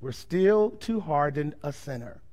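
Preaching to his congregation, this male pastor fires off rhetorical questions and alternates between booming proclamations and hushed, unhurried stretches. His voice sits a little high, with lively intonation.

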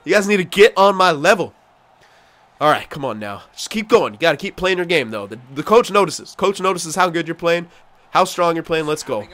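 A young man giving live commentary on his own hockey video game play, excitable and swearing loudly at the computer players. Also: fairly high pitch, a little fast. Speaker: gameplay commentator.

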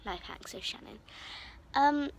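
A woman's voice: high-pitched, lively intonation, measured pace, creaky. A schoolgirl in her early teens, chatting playfully to her phone camera at home. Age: young teen. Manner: chatty, playful, talks to her pets in a silly voice. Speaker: vlogger. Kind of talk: casual vlog chat. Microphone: phone camera held close.

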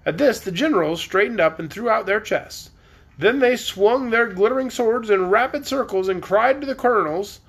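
A man's voice: high-pitched, moderate pace, fairly bright tone. A man reading a children's chapter book aloud on a live stream, with casual, chatty asides between chapters.

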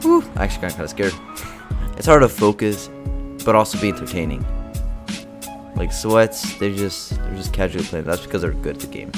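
A young man giving live commentary over his own gameplay, excitable and trash-talking, swinging between muttering and shouting. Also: low-pitched, fairly quick, pauses often, over music. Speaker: gaming video creator.

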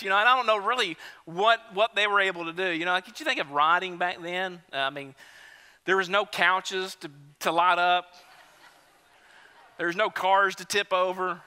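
Male pastor, conversational sermon, very bright tone, church reverb. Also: sits high, brisk, clean tone. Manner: conversational preaching, lively storytelling. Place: church sanctuary.

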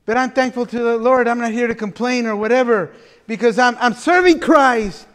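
With a very high-pitched voice at a moderate pace, a man delivers a folksy, chatty sermon as pastor in a church sanctuary. He laughs frequently and restarts often, and the church hall reverberates around him.

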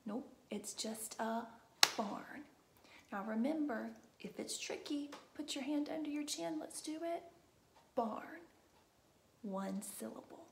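A woman teaching a kindergarten lesson, talking slowly and encouragingly with many soft, whispered asides. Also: high-pitched, animated, vocal fry. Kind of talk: children's lesson video. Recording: echoey room with faint noise.

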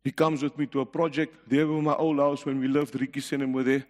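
Speaking fast in a medium-pitched, darkish voice with little pitch movement, this middle-aged guest preacher with a South African accent gives a sermon of personal testimony in a large hall. He tells stories with earnest conviction and laughs between points.

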